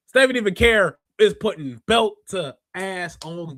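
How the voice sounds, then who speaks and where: A man's voice: sits high, moderate pace, few pauses, a bit bright, no echo, studio quality. A man hosting a podcast in casual, rambling chat, laughing often as he talks. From Chicago area. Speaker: podcast host. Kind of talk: casual wrestling review chat.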